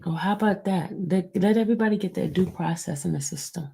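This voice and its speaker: A woman hosting a livestream, speaking low and hushed, near a whisper, and answering her viewers in a blunt, defensive way. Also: brisk, gravelly. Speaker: livestream host. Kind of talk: livestream talk answering the chat.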